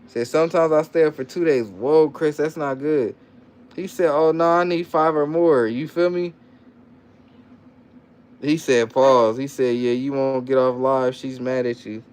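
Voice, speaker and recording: A man's voice: medium pitch, a little slow, a little mellow, clear, resonant tone. A man hosting a casual livestream, reading viewer comments aloud and repeating himself in loose slang. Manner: coaxing, playful with his child. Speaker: livestream host.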